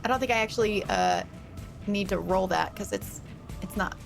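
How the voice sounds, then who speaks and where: A woman playing in a tabletop role-playing game, chatty and giggly, thinking out loud with fillers. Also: medium pitch, moderate pace, creaky, soft background music. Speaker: player. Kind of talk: tabletop game play, casual.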